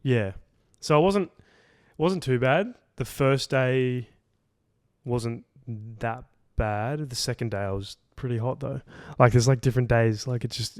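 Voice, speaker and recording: Chatting casually on a podcast he co-hosts, a young man rambles through a long travel story, saying "like" constantly and swearing offhandedly. His voice is mid-range, and the recording is dry and close with no surrounding room.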